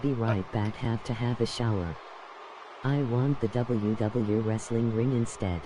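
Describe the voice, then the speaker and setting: Flat-voiced man over traffic noise. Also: medium pitch, measured pace.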